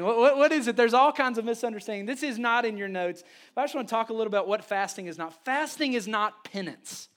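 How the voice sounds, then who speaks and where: A man, a pastor preaching a sermon, telling stories with lively restarts and repeated words. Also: very high-pitched. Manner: animated storytelling with quick restarts.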